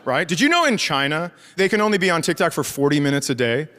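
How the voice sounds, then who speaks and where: Quick and with big swings in pitch, a middle-aged man with a voice on the high side delivers a stand-up set in a theater. He mocks his family through sarcastic stories, impersonating its members as the live crowd laughs loudly.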